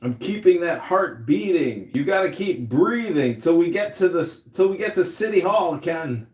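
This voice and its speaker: A man's voice: on the high side, expressive, normal speed, a little mellow, echoey room. A man hosting a casual call-in show, brash and joking with callers. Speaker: podcast host and candidate.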